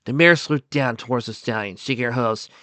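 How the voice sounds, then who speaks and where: A man reading a story aloud in steady narration, with small slips and restarts. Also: mid-range voice, fairly quick, no echo. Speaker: story reader. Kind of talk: reading fan fiction aloud.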